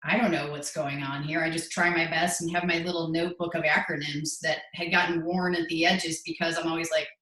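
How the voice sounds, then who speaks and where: A woman's voice: deep voice, flat delivery, fairly quick, few pauses, fairly bright tone. A woman in her forties, a podcast guest, earnestly telling her story and acting out what people said. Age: 40s. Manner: earnest, storytelling with quoted voices. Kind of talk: podcast interview. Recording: echoey room.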